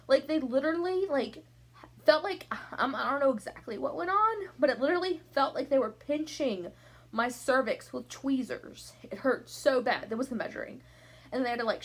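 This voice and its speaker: Young woman vlogging at night, kinda breathless and rambly, talks with her hands, voice sits a bit high. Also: fairly bright tone. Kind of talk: casual chat to camera. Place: bedroom at home, at night.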